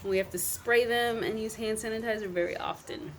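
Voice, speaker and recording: A woman's voice: fairly high pitch, fairly even intonation, a little fast, a little hiss or hum. A mother vlogging casually from her quarantine apartment, narrating with dry, teasing humor.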